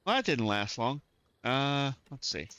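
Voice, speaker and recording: A man's voice: medium pitch, very animated, measured pace, pushed and bright, smooth, no echo. A man from the southern United States chatting and reacting aloud as he streams live gameplay, keeping a mostly neutral way of speaking.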